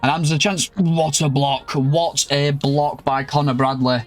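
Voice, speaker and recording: Young man, excitable gaming commentary, somewhat high voice, faint background music. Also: measured pace. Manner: lively play-by-play, calls out to viewers as lads and boys. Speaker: gaming YouTuber. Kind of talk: excitable football game commentary.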